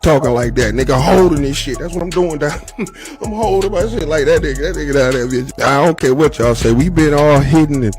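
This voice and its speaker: A man's voice: on the high side, fairly quick, loud music behind the voice. A man hosting a reaction video, giving profane, emphatic commentary full of slang. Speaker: reaction channel host.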